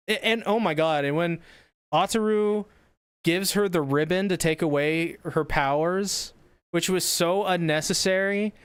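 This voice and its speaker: A man with a fairly high, smooth and clear voice that rises and falls a lot. He chats casually and enthusiastically as a podcast co-host, steering the conversation along, on a dry close mic. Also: no room sound. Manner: enthusiastic, gushing, moves the show along. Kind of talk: casual chat.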